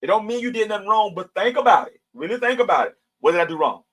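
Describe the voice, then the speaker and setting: A middle-aged man teaches scripture in a conversational, preachy way. His voice sits slightly higher than most men's, and he reads the verses aloud and then explains them plainly. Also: very animated, fast, fairly bright tone, poor audio. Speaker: Bible study teacher. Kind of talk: livestream Bible teaching.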